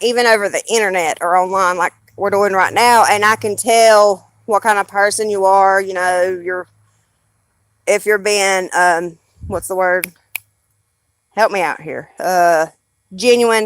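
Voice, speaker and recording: A woman's voice: medium pitch, fairly even intonation, a little slow, no room sound. Southern woman live-streamer, rambling and cussing, bone-dry close sound, mid-range voice. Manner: rambling and blunt, swears freely. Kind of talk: casual live-stream chat.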